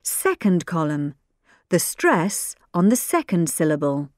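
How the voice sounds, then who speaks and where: A woman clearly announcing tracks and exercises for a textbook audio course. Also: lowish voice, big pitch swings, unhurried, no echo, clean studio sound. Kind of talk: reading track and exercise cues.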